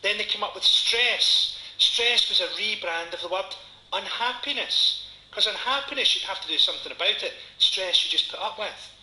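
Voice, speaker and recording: A Scottish man in his forties doing a stand-up comedy set, with a dry, sardonic delivery and dark punchlines. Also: sits high, moderate pace. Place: comedy venue before a live audience. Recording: echoey venue with audience noise.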